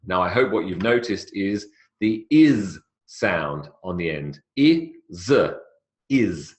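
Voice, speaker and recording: Teaching English pronunciation in a classroom setting, a man lengthens his sample words and raises his pitch sharply to highlight them. He does not come from South America.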